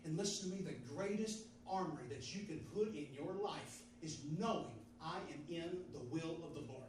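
A man's voice: fairly high pitch, moderate pace, noisy background. A man preaching a fervent sermon, repeating phrases in call-and-response style. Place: church sanctuary. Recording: roomy, distant mic in a hall.

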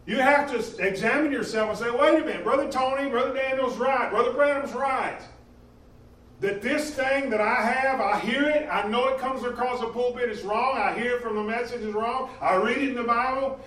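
A man preaching a sermon in a church, impassioned, swinging between loud emphasis and quieter stretches. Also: sits high. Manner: impassioned, rising and falling in emphasis. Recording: echoey room from a distance.

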